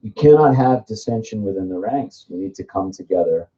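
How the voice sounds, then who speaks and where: A man's voice: lowish voice, expressive, a little fast, dark tone. A man speaking as a theatre director at a seminar, explaining thoughtfully with frequent fillers. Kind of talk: seminar discussion. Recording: muffled live recording.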